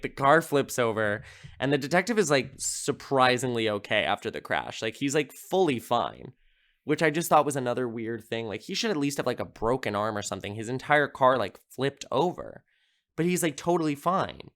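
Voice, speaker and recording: A man's voice: mid-range voice, a bit bright. A man hosting a podcast, casually recapping a horror film in a rambling, amused way, with lots of filler words. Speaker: podcast host.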